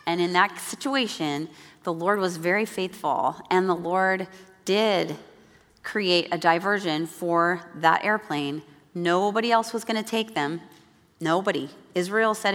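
A woman giving a devotional talk at a church gathering, telling a personal story with animated delivery and acting out the voices she quotes. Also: lowish voice, measured pace. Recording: long hall reverb.

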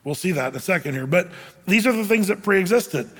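A man with a high voice delivers a sermon from the stage of a church, and his words ring out with a long hall reverb. He keeps it conversational and lightly joking, stopping often to pose rhetorical questions to the congregation. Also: lively intonation, brisk, fairly bright tone. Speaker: pastor.

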